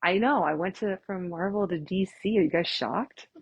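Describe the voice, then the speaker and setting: Sassy woman chiropractor, blunt and chatty, slightly breathy tone, close dry recording. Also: on the low side, normal speed, no echo, muffled recording. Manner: casual, chatty with audience. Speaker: chiropractor giving a workshop. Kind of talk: live workshop lecture.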